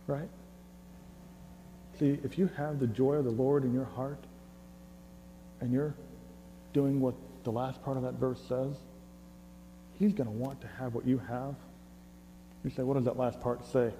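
Male preacher, mellow voice, chatty and joking, stammering restarts, long hall reverb, faint mains hum. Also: mid-range voice, steady tone, a little slow, long pauses. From United States. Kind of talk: sermon.

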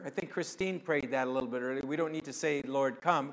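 A man preaching a sermon, conversational, with sudden swings between soft and loud. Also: mid-range voice, a little fast, hardly any pauses, long reverb tail, rough recording. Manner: conversational with dramatic swings in loudness. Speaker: pastor.

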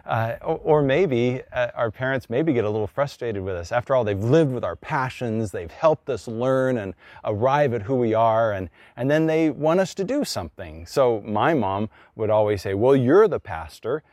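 A man's voice: medium pitch, expressive, normal speed, hardly any pauses, darkish tone, no echo, studio quality. A middle-aged man, a pastor, preaching a conversational sermon and acting out the people he quotes.

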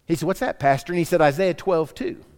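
A man preaching a sermon, lively and swinging between strong and soft delivery. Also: a little high, quick pace, smooth. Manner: animated preaching, drops to soft quoted lines. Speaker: pastor. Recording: church hall reverb.

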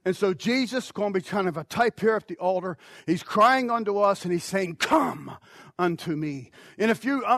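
A man preaching an altar call, impassioned, swinging from shouted pleas to near whispers. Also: high voice, expressive, moderate pace, vocal fry, no room sound. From United States. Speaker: pastor.

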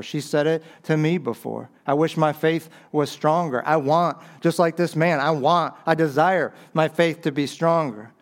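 A middle-aged male pastor delivering a sermon in a slightly high voice. He climbs to fervent, raised peaks, then drops low and soft to press home a point. Small chuckles slip in between phrases. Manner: impassioned, rising to emphatic peaks and dropping low for key points.

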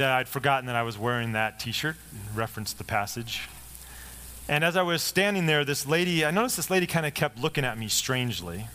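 A middle-aged male pastor in a sermon, telling a personal story in a relaxed, conversational way, acting out the lines of the people in it. His voice sits at an ordinary pitch, with a faint room ambience behind him. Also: slight background noise. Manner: conversational storytelling, lively quoted dialogue.

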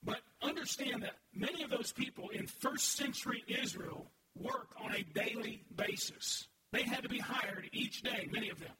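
High-voiced man preaching in echoey hall. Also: moderate pace, few pauses, far from the mic, background noise. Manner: earnest, emphatic preaching with audience prompts. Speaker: pastor. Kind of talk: sermon. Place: large church sanctuary.

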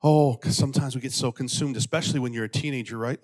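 A middle-aged male pastor preaching a sermon in church, swinging between hushed asides and loud, exclamatory bursts. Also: medium pitch, fairly even intonation, quick pace.

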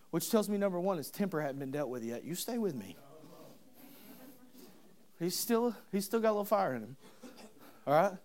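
A preacher with a fairly high male voice tells his sermon like a story, animated and full of humor. He speaks conversationally, leaning in to the crowd he is addressing.

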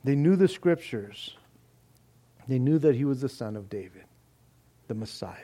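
A man's voice: medium pitch, expressive, moderate pace, warm tone. A middle-aged man preaching an expository sermon, reading scripture aloud with earnest emphasis. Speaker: pastor.

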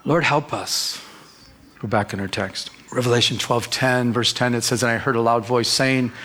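A man preaching a sermon as pastor, reading scripture and telling folksy stories in an animated way. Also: medium pitch, normal speed.

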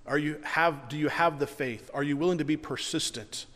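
A man preaching a sermon, earnest, swinging between loud emphasis and quiet, soft passages, closing in prayer. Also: fairly high pitch, normal speed, long reverb tail. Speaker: pastor.

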